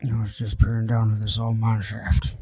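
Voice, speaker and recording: A man voicing a gruff older male adventurers' guild keeper with a put-on accent while reading game dialogue aloud. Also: on the low side, monotone, moderate pace, mellow, soft background music, close to an everyday voice. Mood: ominous.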